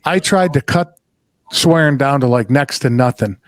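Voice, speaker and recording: A middle-aged man hosting a podcast, telling a story in casual chat, animated and swearing freely. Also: medium pitch, normal speed, no room sound. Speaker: podcast host.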